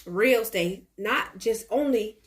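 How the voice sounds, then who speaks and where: A woman's voice: fairly high pitch, slow pace, a little hiss or hum. A woman chatting casually through a home cooking vlog, folksy and talking straight to viewers. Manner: chatty, folksy, calls viewers baby and y'all.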